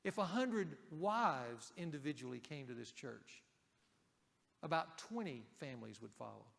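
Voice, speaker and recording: Pastor guy giving a sermon, chatty, goes loud then real quiet, slightly high voice, echoey church. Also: expressive, unhurried, vocal fry. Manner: conversational preaching, rising for emphasis and dropping soft for key points.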